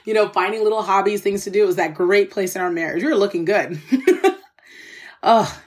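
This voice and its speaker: A woman's voice: medium pitch, fairly even intonation, fast talker. A woman hosting a podcast, telling a personal story in an earnest, candid, conversational way, speaking straight to her listeners and openly moved by what she recalls. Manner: faith-filled, conversational, addresses listeners directly. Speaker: podcast host.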